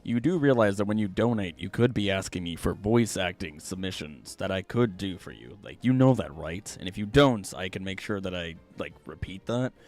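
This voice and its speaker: A streamer and voice actor chats casually with his livestream viewers, reading their comments aloud in an animated, jokey way. His voice is low-pitched at a moderate pace with hardly any pauses, over soft background music.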